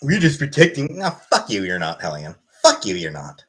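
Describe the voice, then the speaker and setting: A woman's voice: rumbling low, wildly swooping pitch, moderate pace, poor audio. A woman livestreamer ranting angrily and profanely to her chat, with an exasperated, mocking edge. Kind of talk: live-stream rant.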